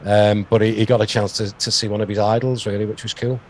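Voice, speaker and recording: A man's voice: on the low side, level tone, fast. Chatty English interviewer man. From England. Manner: chatty, trails off with fillers. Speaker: radio host, interviewer. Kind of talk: casual interview chat.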